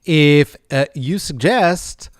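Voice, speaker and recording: A man's voice: a little high, slow, no echo, studio quality. A man hosting a sarcastic, rambling comedic news commentary with many fillers. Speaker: vlog host.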